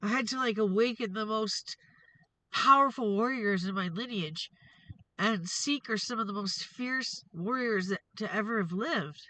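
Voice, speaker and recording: A woman's voice: mid-range voice, unhurried, pushed and bright, dry recording, rough recording. A woman hosting a tarot reading vlog, ranting in an angry, profane, confrontational way. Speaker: tarot reader and show host.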